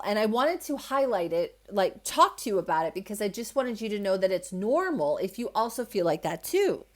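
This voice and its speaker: Chatty woman hosting a spiritual podcast. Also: fairly low pitch. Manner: warm, reassuring, conversational with many fillers. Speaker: podcast host. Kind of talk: solo spiritual podcast talk.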